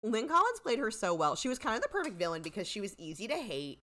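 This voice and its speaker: A chatty woman co-hosts a podcast, her pitch rising and falling a lot. She fills her sentences with "like" and "you know" and swears now and then. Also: big pitch swings, fast, bright, forceful tone. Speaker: podcast co-host. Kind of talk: casual chat.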